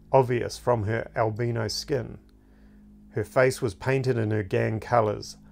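Slow, gravelly male fantasy narrator. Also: mid-range voice, a little mellow. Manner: measured, unhurried reading. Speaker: narrator and author.

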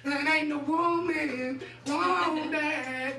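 A woman's voice: high-pitched, steady tone, drawn-out words, vocal fry, reverberant, recorded from a distance, music in the background. A woman with a brash, crude, drawling way of talking.

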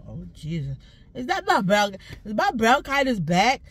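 A woman's voice: medium pitch, huge pitch swings, moderate pace, fairly bright tone, slightly rough. A woman ranting to camera from inside a car, emphatic and full of curse words, preaching between complaints. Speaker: social media creator.

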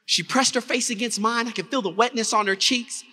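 A man's voice: extremely high pitch, brisk, sharp tone. A man giving a motivational keynote, telling his story dramatically and drawing the audience into call-and-response. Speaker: keynote speaker. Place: large conference hall. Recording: reverberant conference hall.

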